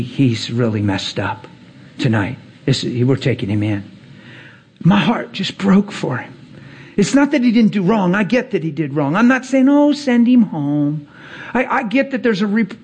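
A man preaching, telling a personal story with acted-out dialogue and emphatic rising passages. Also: slightly rough. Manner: animated, acts out dialogue, rises to emphatic highs. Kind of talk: sermon storytelling.

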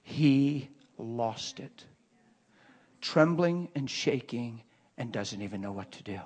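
A man preaching and telling a story from his working life, moving from hushed murmurs to loud, excited bursts. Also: mid-range voice, takes it slowly, breathy edge. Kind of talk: sermon storytelling.

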